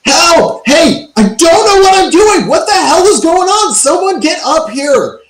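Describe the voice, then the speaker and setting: A man's voice: extremely high pitch, big pitch swings, measured pace, background noise, pitched above the performer's own voice, full character voice. A man voicing a panicked male mercenary who screams for help, in a roomy recording.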